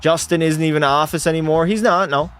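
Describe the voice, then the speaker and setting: A man's voice: on the high side, fast, clean tone, soft background music. A young man from Canada streaming a hockey game, calling plays like a sportscaster and bantering casually with chat, swearing now and then. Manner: excitable, mock sportscaster calls mixed with casual swearing. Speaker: gaming streamer. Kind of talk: live play-by-play commentary and chat banter.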